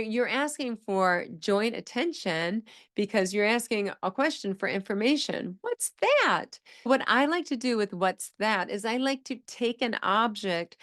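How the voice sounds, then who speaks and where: A middle-aged woman speech-language pathologist teaching in an enthusiastic, explanatory way, acting out example phrases with exaggerated intonation. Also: medium pitch. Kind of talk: teaching monologue.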